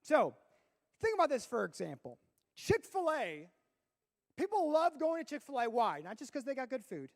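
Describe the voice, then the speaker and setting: Animated high-voiced youth pastor. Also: male voice, normal speed. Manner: animated storyteller, bursts into shouting for effect. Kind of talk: youth sermon with storytelling.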